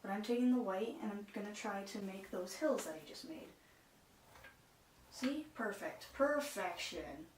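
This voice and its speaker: A woman's voice: medium pitch, animated, unhurried. Chatty woman vlogging in an echoey room. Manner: chatty, self-deprecating, exasperated asides. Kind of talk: casual painting-along commentary. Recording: echoey room, far from mic, noisy.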